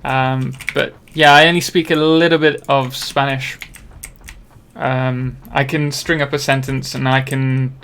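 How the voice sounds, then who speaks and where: A man's voice: mid-range voice, little pitch movement, measured pace, fairly bright tone, a little hiss or hum. A young man from Britain chatting casually on a live game stream, rambling and self-deprecating, with many ums and restarts. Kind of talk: casual live-stream chat while playing.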